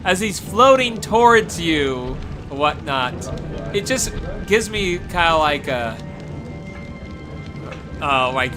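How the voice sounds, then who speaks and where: A man's voice: fairly high pitch, animated, measured pace. Guy rambling through a gaming stream, lots of uhs and likes, voice bouncing up and down, game music going behind. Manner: rambling, with frequent fillers and restarts. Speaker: gaming channel host. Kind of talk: casual livestream chat over gameplay. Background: game soundtrack music.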